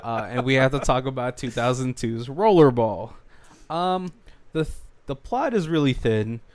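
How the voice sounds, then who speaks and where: A man's voice: mid-range voice, expressive, moderate pace. A man co-hosting a movie commentary podcast in casual chat, rambling with lots of fillers and frequent laughter. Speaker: podcast co-host. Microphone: studio mic.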